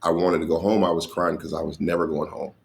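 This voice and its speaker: Deep gravelly-voiced man telling stories. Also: fast, a little hiss or hum. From Colorado. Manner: animated storyteller who acts out other people's lines. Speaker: guest, stand-up comedian. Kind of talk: casual interview storytelling.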